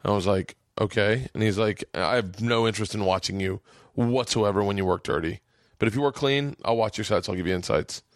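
Podcast host, middle-aged man, animated anecdotes, dry studio sound. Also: on the low side, fairly quick, no room sound. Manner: animated, swearing, acts out voices in anecdotes. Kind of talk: casual chat, storytelling.

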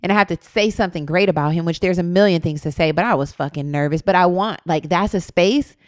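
A woman's voice: fairly low pitch, quick pace, dry recording, studio quality. A woman co-hosting a podcast in casual chat, candid and reflective, swearing freely and often quoting her own thoughts aloud. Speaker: podcast co-host.

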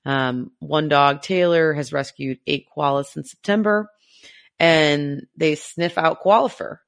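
A woman co-hosting a casual podcast, talking in an emotional, halting way as she gets teary. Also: deep voice, creaky. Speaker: podcast co-host.

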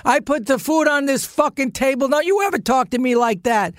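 A man's voice: extremely high pitch, lively intonation, brisk, no room sound, clean studio sound, pitched above the performer's own voice. A man voicing a hot-tempered stepfather in a told story, bellowing threats. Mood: enraged.

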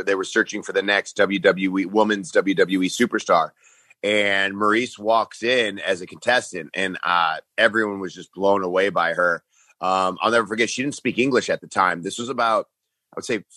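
A middle-aged man telling stories as a guest in a casual interview, animated and acting out quotes in different voices. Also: on the low side, dry recording. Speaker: guest, pro wrestling star.

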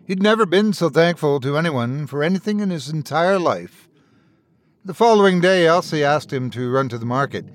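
Man, storyteller, scripted narration, lively melodic delivery. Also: mid-range voice.

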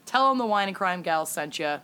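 A woman's voice: fairly low pitch, expressive, fairly quick, pushed and bright, clean tone. A woman co-hosting a casual podcast, chatty and laughing often, with the odd swear. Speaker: podcast co-host.

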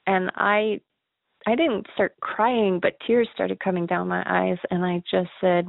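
A woman's voice: mid-range voice, steady tone, takes it slowly, vocal fry, no room sound. A woman earnestly recounting a personal ghost encounter, with nervous laughs. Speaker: caller sharing a ghost story. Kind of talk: emotional personal storytelling. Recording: tinny phone line, dry.

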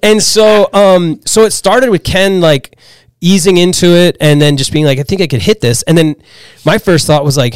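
A man from Pennsylvania telling a story as a podcast guest, animated and full of "like"s and restarts. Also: high voice, normal speed, smooth, dry recording. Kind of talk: casual storytelling chat.

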